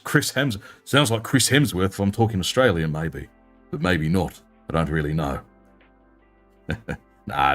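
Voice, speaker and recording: A young British man with a deep voice, chatting in a relaxed, self-mocking way while he hosts a livestream. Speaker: livestream host and miniature painter. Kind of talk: casual livestream chat.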